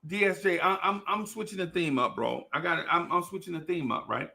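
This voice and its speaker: A male podcast host chatting casually about basketball in a bright, gravelly voice that sits a little high. He talks in an animated way, circles back over his own phrases and laughs often. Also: a little fast. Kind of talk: casual sports podcast chat.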